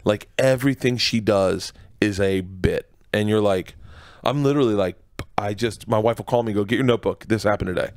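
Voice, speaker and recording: In a radio studio interview, a Florida-born stand-up comic spins stories, laughing as he imitates the people in them. He speaks a little fast in a fairly low voice, and the recording has no echo.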